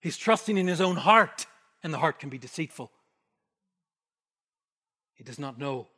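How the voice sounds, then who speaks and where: A man preaching an expository sermon, emphatic, rising to forceful bursts and dropping to hushed asides. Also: a little high, expressive, normal speed. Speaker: pastor. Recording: long hall reverb.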